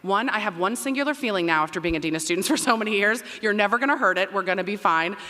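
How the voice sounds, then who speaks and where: A woman who works as a dean of students, giving a loud, emphatic welcome speech to families in a large auditorium. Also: medium pitch, very fast. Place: large performing arts auditorium. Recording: long reverb in a big hall.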